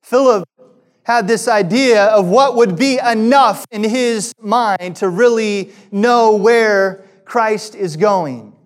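A pastor giving a sermon, preaching emphatically and asking his listeners rhetorical questions, now loud, now quiet. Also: sits high, takes it slowly.

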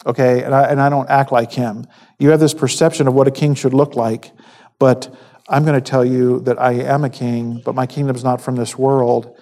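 A man giving a conversational sermon, halting with fillers and restarts, acting out quoted lines. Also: mid-range voice, warm tone. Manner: acts out quoted speech. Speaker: preacher.

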